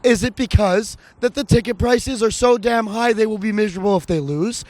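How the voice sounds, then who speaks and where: A man's voice: high voice, a little fast, a little mellow, no room sound. A man co-hosting a casual sports podcast outdoors in the cold, analytical and impassioned. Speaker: podcast co-host.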